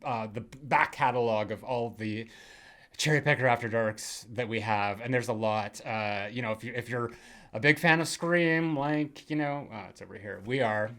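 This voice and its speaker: A man's voice: medium pitch, moderate pace, a bit bright. A man hosting a horror film podcast, chatting casually and rambling with many fillers. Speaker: podcast host. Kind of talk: casual chat.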